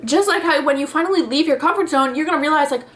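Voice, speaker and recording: A woman in her twenties giving a casual motivational talk, chatty and animated, acting out little scenes and swearing freely. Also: sits high, fast talker. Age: 20s. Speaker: vlogger.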